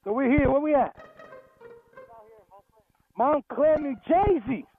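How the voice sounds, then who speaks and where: A man's voice: very high-pitched, expressive, takes it slowly, vocal fry. A man from New York City vlogging while riding a motorcycle, chatting animatedly and joking, with plenty of swearing. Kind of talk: casual chat while riding. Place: on a motorcycle, outdoors on town roads. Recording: tinny, phone-like with loud music.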